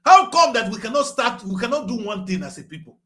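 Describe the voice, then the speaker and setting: A middle-aged man with a Nigerian accent giving passionate political commentary, repeating himself and rising to shouts. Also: very high-pitched, big pitch swings, fast. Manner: fiery, repetitive, rising to shouts. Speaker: current affairs show host.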